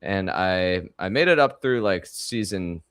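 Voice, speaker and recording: A man with a fairly low voice, co-hosting a podcast in easygoing chat. He talks haltingly and often stops to restart a thought. The recording is dry, with almost no room sound. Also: animated, a bit bright, smooth, dry recording. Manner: halting, many fillers and restarts. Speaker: podcast co-host. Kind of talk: casual chat.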